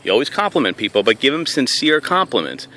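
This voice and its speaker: A man in network marketing giving a motivational talk to camera, telling stories in an energetic way. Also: medium pitch, quick pace. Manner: energetic storytelling, slips into quoting himself.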